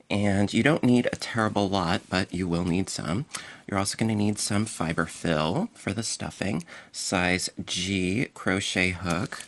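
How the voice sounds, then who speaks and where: A man hosting a casual crochet tutorial, talking playfully to his viewers while he demonstrates each step. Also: low-pitched.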